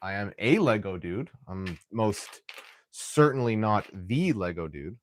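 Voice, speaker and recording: A young man hosting a live stream, chatting casually while he builds, often restarting sentences and clearing his throat. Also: lowish voice, animated, unhurried, a little hiss or hum.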